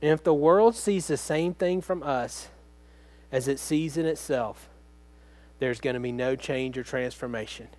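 A man's voice: medium pitch, measured pace, darkish tone. A man preaching a sermon as pastor, speaking earnestly and conversationally, often turning to the congregation with direct questions.

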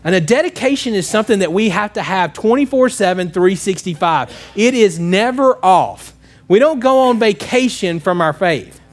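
Preacher, male, light high voice, chatty sermon style, keeps asking the room questions. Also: animated, normal speed. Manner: conversational, asks the congregation questions. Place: church.

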